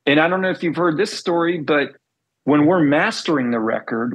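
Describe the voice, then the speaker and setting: A middle-aged man, a former band bassist, telling stories in a casual interview and acting out the dialogue he recalls. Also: gravelly, slightly rough, poor audio. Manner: animated storyteller, acts out quoted dialogue.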